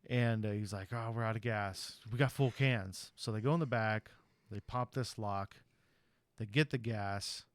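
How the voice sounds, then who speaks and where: A man's voice: on the low side, unhurried, dry recording. A man on a podcast casually retelling a horror movie's plot in a rambling way, acting out the characters' lines and swearing loosely. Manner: loose, profane slang. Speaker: podcast host.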